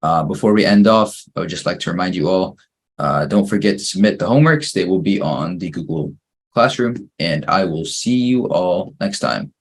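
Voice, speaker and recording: A man leads an English grammar class, working through the sentences one by one. His voice sits low and sounds a little husky. He keeps a calm, patient teaching manner. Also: normal speed. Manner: patient, steady drilling through exercises, praising each answer. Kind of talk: online grammar lesson.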